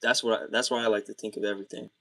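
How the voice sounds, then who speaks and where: A man's voice: lowish voice, flat delivery, fairly bright tone, no room sound. A young man chatting casually on a livestream from his bedroom, rambling and restarting his sentences. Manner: rambling, halting, many restarts.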